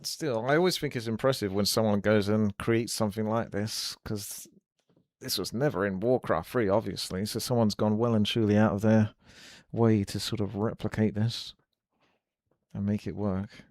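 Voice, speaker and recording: Gravelly-voiced streamer, chatty. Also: male voice, fairly low pitch, steady tone, moderate pace, a little mellow, dry recording, clean studio sound. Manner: chatty, musing aloud with filler likes. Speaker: game streamer. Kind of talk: casual live-stream commentary.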